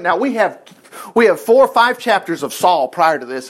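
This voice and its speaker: A middle-aged man preaching, animated and chatty, acting out Bible characters in voices. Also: a little high, moderate pace. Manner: animated, acts out lines in character voices, chuckles. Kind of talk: sermon retelling a Bible story.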